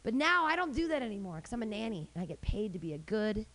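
A young woman doing stand-up as host of a small live comedy night. She talks in a loose, rambling, brash way, mocking herself, with lots of fillers and restarts, at a middling pitch for a woman. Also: big pitch swings, fast talker, a bit bright.

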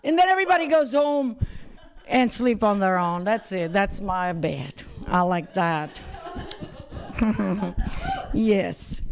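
A man's voice: high-pitched, animated, slow pace, gravelly, long pauses. A man doing open-mic stand-up in a crude, rambling, self-mocking way. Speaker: stand-up comedian.

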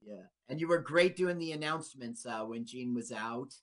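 A man's voice: medium pitch, moderate pace, a bit bright. A man hosting a comedy talk show, asking questions and chiming in with short, encouraging affirmations. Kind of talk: interview questions.

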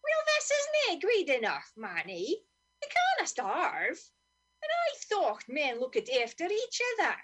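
A woman's voice: high-pitched, wildly swooping pitch, takes it slowly, fairly bright tone, exaggerated voice. A woman voicing a cheeky, boastful but kind male seagull, speaking in a broad Doric Scots accent. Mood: chiding.

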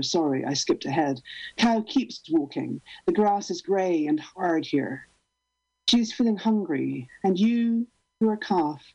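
A woman reading her own poem aloud in a deliberate, rhythmic way over a video call. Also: on the low side, mellow, no echo, highs cut off. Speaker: poet reading her work.

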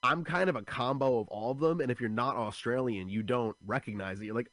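A young man, a comedian speaking as a guest. His voice sits in a middle pitch. The sound is dry and close, with hardly any room. He tells animated stories with lots of restarts. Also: no echo. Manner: quick, animated storytelling with many restarts. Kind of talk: casual interview chat.

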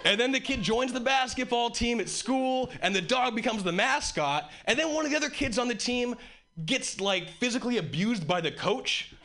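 A man doing a stand-up comedy set in a club, telling crude stories in an animated way. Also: very high-pitched, normal speed. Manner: animated storytelling with crude jokes. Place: comedy club with a live audience. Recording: live club recording with loud crowd. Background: crowd laughing.

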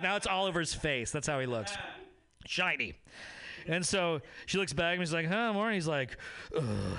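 A man performing a crude stand-up comedy set, telling an animated story and acting out the people in it. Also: on the high side, clear, resonant tone.

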